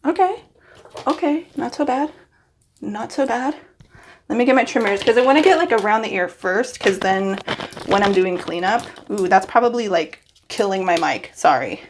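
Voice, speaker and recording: With a mid-range voice, lively intonation, and a moderate pace, a young hairstylist talks to her phone over a little hiss or hum. She's in the bathroom at home, nervously giggling through casual vlog self-talk.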